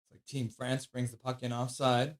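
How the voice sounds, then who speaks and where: Young guy doing casual live hockey play-by-play, mid-pitched, chatty. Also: flat delivery, normal speed. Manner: chatty, breaks off to talk to his dog in a high baby voice. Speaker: play-by-play streamer.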